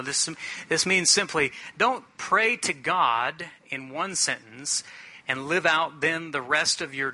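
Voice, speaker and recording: A middle-aged male pastor preaching a sermon in an earnest, plainspoken way, slowing down to stress key phrases. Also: on the high side, bright, forceful tone.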